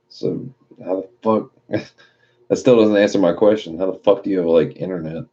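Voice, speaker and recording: Very deep, dark-voiced man streaming late at night. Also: steady tone, moderate pace, vocal fry, dull audio. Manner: loose, profane, reads chat messages aloud and riffs on them. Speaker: live streamer reading chat.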